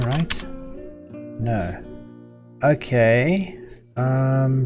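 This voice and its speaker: A South African man talks his way through a coding session on a live stream, reading commands aloud as he types and tossing remarks to his chat. He speaks slowly, in a mid-range voice. Music plays behind him while his keyboard clacks. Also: mid-range voice. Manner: mutters commands aloud while he types, chats with viewers, swears freely. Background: background music and keyboard typing.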